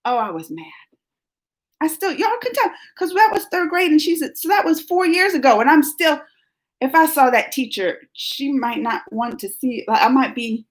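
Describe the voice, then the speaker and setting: A middle-aged woman with a high voice tells a story on a live stream. She is emphatic and rambling, and she keeps getting fired up as she rants. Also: lively intonation, moderate pace.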